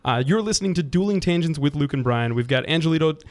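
A man's voice: on the high side, expressive, fast talker. A man co-hosting a talk radio show, interviewing a guest in a rambling way with many fillers. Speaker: radio co-host.

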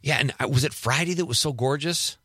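A man's voice: mid-range voice, fairly quick, bright, forceful tone, breathy edge, no room sound. A man hosting a radio show in a studio, chatting casually and joking at his own expense. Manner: chatty and self-deprecating. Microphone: studio microphone.

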